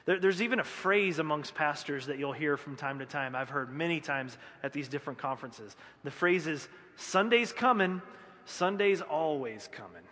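A man's voice: on the high side, a little fast, hardly any pauses, pushed and bright. A man preaching a sermon as pastor, conversational and self-deprecating, with joking acted asides. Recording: echoey hall.

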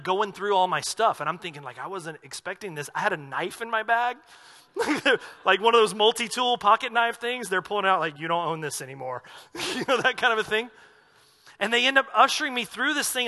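Guy preaching a sermon, bright tense voice, long echo like a big church hall. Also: high-pitched. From American South. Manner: conversational, jokey storytelling. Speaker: pastor.

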